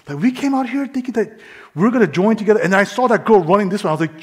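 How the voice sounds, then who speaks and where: A middle-aged man from New York tells his story as a sermon testimony, often dropping to quiet asides. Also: high voice, expressive, quick pace, breathy edge.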